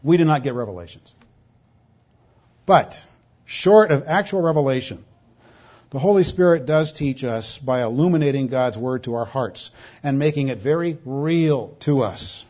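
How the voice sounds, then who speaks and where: Heard on a dull, lo-fi recording, a man with a medium-pitched, darkish and expressive voice preaches at normal speed. He hammers his points with emphasis, rhetorical questions and changes of pace.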